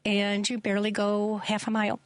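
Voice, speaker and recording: A woman's voice: medium pitch, monotone, fairly quick, no echo. A woman being interviewed on a radio talk show as a forest therapy guide, speaking earnestly and hesitating with many ums.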